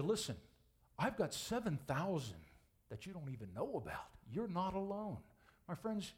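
Male pastor, lively sermon delivery with a slightly high, very expressive voice, acts out quotes. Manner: animated, acts out quoted voices, chuckles often.

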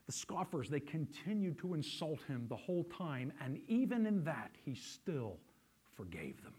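A male pastor delivering a sermon in a fairly high, husky voice. His pitch swings widely as he preaches, and he keeps breaking into quoted voices to play out his listeners' excuses. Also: big pitch swings, moderate pace.

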